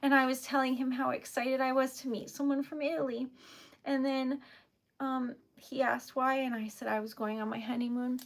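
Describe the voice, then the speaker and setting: A woman's voice: high voice, flat delivery, normal speed, gravelly. A young woman, chatting casually on a live stream, giggly and emotional with lots of fillers. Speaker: livestreamer.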